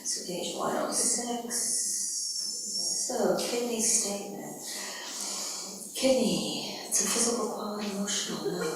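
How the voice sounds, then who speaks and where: Leading a group energy workshop before a large audience, a woman presents live in a big conference hall, upbeat and conversational as she explains. Her mid-range voice is unhurried with long pauses over background noise, distant and echoey in the hall.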